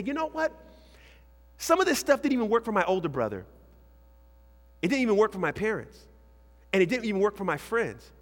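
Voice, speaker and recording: High-voiced animated male preacher in a hall. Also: slightly rough. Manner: animated, shifts between shouting and hushed asides. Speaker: youth pastor. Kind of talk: lively sermon to young people. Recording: hall reverb.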